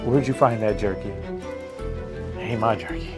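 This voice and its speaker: An actor playing a grieving, angry young man who has lost his dogs, speaking in slow, drawn-out pleas. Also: lowish voice, music in the background, lightly acted. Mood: flat.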